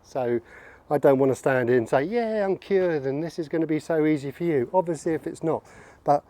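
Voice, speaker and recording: A man's voice: a little high, brisk, dark tone. A man coaching golf outdoors, upbeat and encouraging as he demonstrates swings. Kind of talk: on-course golf instruction.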